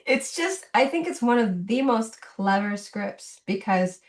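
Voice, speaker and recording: A woman's voice: mid-range voice, measured pace. A middle-aged woman, a children's book illustrator, chatting as a guest in an interview and telling stories with lots of laughter. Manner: animated storyteller, laughs often. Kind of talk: casual interview chat.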